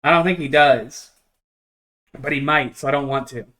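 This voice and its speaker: A man's voice: medium pitch, moderate pace, pushed and bright. A man streaming a tabletop wargame, chatting casually and playfully with many hesitant fillers. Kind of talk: casual chat while playing a tabletop wargame.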